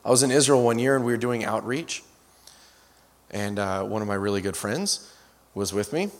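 A male guest preacher with a lowish, expressive voice speaks at normal speed in a storytelling sermon full of anecdotes. He restarts often and drifts into self-correcting asides, and long hall reverb trails his words.

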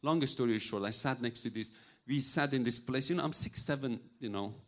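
A man's voice: mid-range voice, fairly quick. Man preaching. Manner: animated storytelling, acts out voices, non-native grammar. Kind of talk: sermon with personal stories.

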